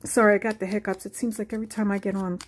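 A woman hosting a casual crafting tutorial, musing aloud at an unhurried pace as she works and sometimes dropping into soft whispers. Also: medium pitch, flat delivery. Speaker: crafting channel host. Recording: faint background noise.

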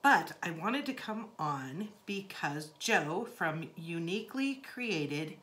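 Slow-talking woman gushing over a gift. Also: fairly low pitch, very animated, fairly bright tone, a little hiss or hum. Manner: gushing, repeats thanks. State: recovering from flu. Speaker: crafting channel host. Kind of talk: casual happy-mail unboxing vlog.

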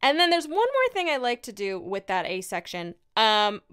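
A woman's voice: on the high side, huge pitch swings, clear, resonant tone. Upbeat woman teaching fiddle, with a Newfoundland accent. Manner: encouraging, patient, explains slowly. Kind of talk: friendly step-by-step music tutorial. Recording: fiddle playing loud in between.

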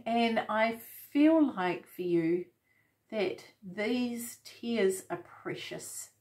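A woman giving a casual tarot reading, gentle and reflective, with many fillers and restarts. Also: a little high, lively intonation, very slow. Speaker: tarot reader.

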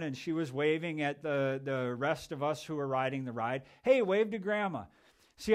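A pastor giving a conversational sermon, telling a story with frequent restarts and repeated words. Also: male voice, fairly high pitch. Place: church sanctuary.

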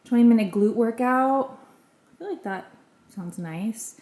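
A chatty young American woman with a fairly high, dark-toned voice talks unhurriedly in a spacious home room in Texas, filmed by a camera on a tripod. As a lifestyle vlogger, she rambles casually and drops self-deprecating asides.

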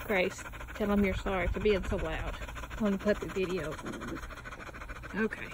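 A woman, narrating a home puppy video in an easy, slow way and coaxing the dogs. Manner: slow, easy commentary, coaxing puppies in a high sing-song. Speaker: dog breeder filming puppies. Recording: noisy home video with panting dog nearby.

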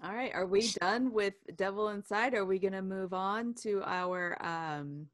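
A woman's voice: mid-range voice, unhurried. A woman co-hosting a podcast in casual comedic chat, blunt and joking as she steers the segments. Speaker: podcast co-host.

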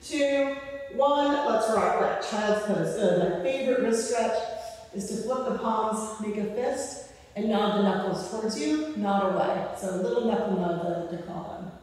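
A woman's voice: mid-range voice, unhurried, a little mellow. Breathless woman coaching a floor workout. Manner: encouraging, counts reps aloud, cues breathing. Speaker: physical therapist leading home exercises. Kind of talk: guided exercise class instruction. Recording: echoey hall, voice far from mic.

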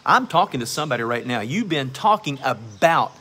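A man's voice: medium pitch, very animated, a little fast, sharp tone, slightly rough. A man preaching a sermon as pastor, emphatic and exhorting, repeating phrases for stress.

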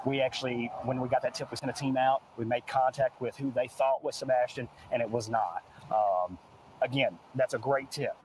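A man's voice: mid-range voice, fairly even intonation, normal speed, darkish tone, a little hiss or hum, poor audio. A man, a law enforcement officer, answering questions at an outdoor press briefing in an earnest, plain-spoken way. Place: outdoors at a search site.

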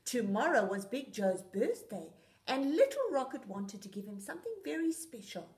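A woman reading a picture book aloud to young children on a children's show, expressive and sing-song. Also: on the high side, normal speed.

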